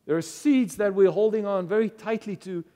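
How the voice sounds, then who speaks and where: A man's voice: high-pitched, moderate pace, warm tone. A man preaching a sermon as a pastor, earnest and stumbling over repeated words as he builds his points. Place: church. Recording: reverberant church hall.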